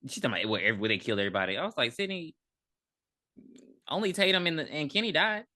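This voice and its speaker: Lively, bright woman co-host. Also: low-pitched, fast talker. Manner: blunt, profane, nitpicking. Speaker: podcast co-host. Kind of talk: casual movie recap chat.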